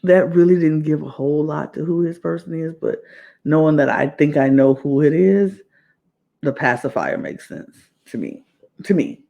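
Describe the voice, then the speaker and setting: A woman's voice: low-pitched, animated, normal speed, creaky, dark tone, muffled recording. A woman hosting a podcast, recapping a reality show in a casual, rambling way and often repeating herself. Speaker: podcast host.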